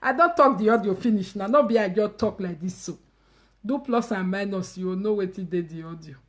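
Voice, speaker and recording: Speaking Nigerian Pidgin English, a woman hosts a casual live stream and delivers an animated rant a little fast. She is emphatic and mocking, swinging between loud outbursts and low asides.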